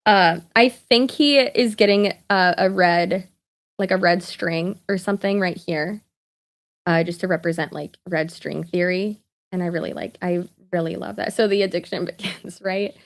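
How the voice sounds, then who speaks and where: A woman's voice: fairly low pitch, fairly even intonation, moderate pace. A woman, chatting casually on a live stream with lots of asides, fillers and laughter. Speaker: vlogger.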